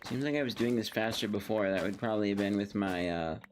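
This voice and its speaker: A man's voice: on the low side, fast talker, a little hiss or hum. A young man giving casual, rambling commentary while playing a game, talking playfully to himself and to the game. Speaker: gaming video creator.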